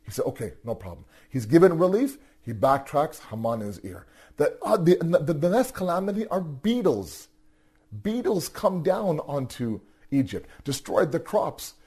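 Husky-voiced man telling a story. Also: on the high side, a little slow. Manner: animated, rhetorical questions, repeats words. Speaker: religious teacher. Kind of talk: storytelling lecture.

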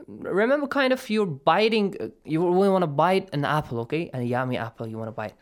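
With a mid-range, lively voice, this male recitation teacher talks a little fast and barely pauses. He coaches students over the radio with patience and encouragement, explaining and modeling the sounds.

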